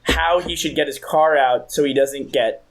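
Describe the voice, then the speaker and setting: A man's voice: a little high, fairly even intonation, moderate pace. A young man in his twenties co-hosting a podcast, telling a rambling, profane story in casual chat. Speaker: podcast co-host.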